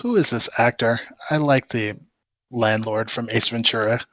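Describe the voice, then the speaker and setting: Inquisitive nitpicker, male, mid-pitched, dry close mic. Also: moderate pace, fairly bright tone, no room sound, highs cut off. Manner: inquisitive, points out inconsistencies. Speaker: watch-along participant. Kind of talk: casual chat over a voice call.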